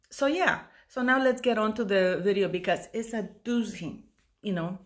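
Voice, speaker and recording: A woman in her fifties talks through a long commentary monologue in a mid-pitched voice, tired and rambling. She stops and restarts often, and she gets emotional as she goes. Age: 50s. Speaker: YouTube commentator.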